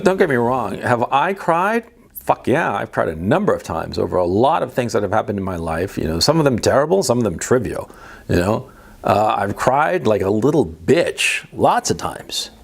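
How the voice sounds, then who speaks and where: A man delivering a blunt, emphatic, profane monologue to the camera as a video commentator. He swings between low muttering and sharp, higher emphasis. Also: creaky.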